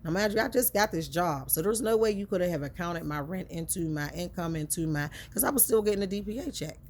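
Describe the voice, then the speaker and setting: A woman's voice: fairly low pitch, expressive, fairly quick, darkish tone, slight background noise. A woman earnestly telling a personal story in a conversational, emotional way, often repeating herself for emphasis.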